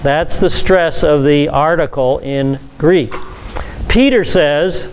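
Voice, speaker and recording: A man's voice: fairly high pitch, slow, clean tone. A pastor leading a Bible study, explaining scripture to a class in a conversational teaching manner with asides to his listeners.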